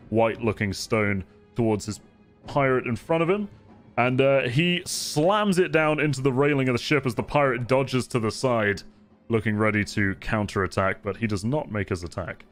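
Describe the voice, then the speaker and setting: A man acting as game master, narrating a tabletop game scene in vivid, relaxed descriptive detail. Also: mid-range voice.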